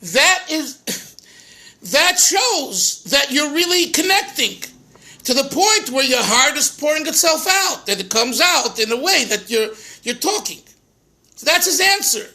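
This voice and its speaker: A man's voice: very high voice, very animated, a little slow, sharp tone. A man, a rabbi, teaching a Torah class, translating phrases line by line with restarts and chuckles.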